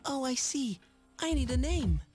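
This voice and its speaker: A woman voicing a mysterious calm boy from a game. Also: high-pitched, measured pace, over music. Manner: soft, polite, curious.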